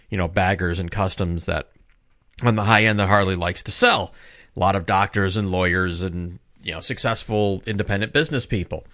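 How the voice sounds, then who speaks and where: Low-voiced man rambling through his opinions. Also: a bit bright, no echo, studio quality. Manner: rambling, self-correcting, conversational. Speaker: commentator. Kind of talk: casual opinion monologue.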